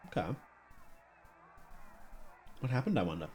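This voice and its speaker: A man's voice: mid-range voice, animated, moderate pace, darkish tone, faint music behind. A man streaming a live reaction, thinking aloud with curious, enthusiastic comments and musing questions. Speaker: streamer reacting to a horror series.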